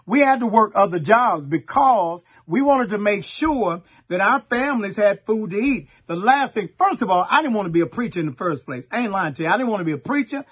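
A middle-aged pastor from Texas, preaching a sermon in a folksy storytelling way and talking straight to the congregation. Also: male voice, high voice, lively intonation, a little fast, hardly any pauses, a bit bright, slightly rough, muffled recording.

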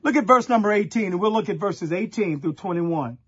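A Texas pastor with a husky, high, expressive male voice preaches a little fast in a folksy call-and-response sermon, telling stories and making asides to the congregation. Highs are cut off in the recording.

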